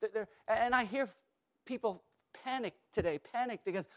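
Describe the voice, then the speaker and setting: A man preaching a sermon, emphatic, calling out to his congregation and repeating words, often dropping to a soft, low tone. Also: normal speed. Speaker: pastor.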